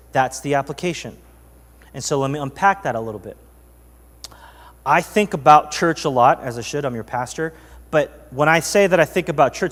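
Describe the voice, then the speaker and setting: A man's voice: fairly high pitch, in a large hall. A man preaching a sermon as pastor, telling a story in a loose, chatty way with many fillers. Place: church sanctuary.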